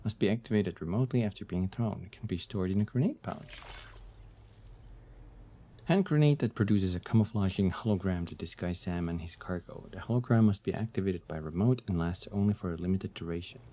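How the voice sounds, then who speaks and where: A man streaming a video game, chatting excitedly and reading the game text aloud. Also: deep voice, fairly quick. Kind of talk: casual gameplay commentary.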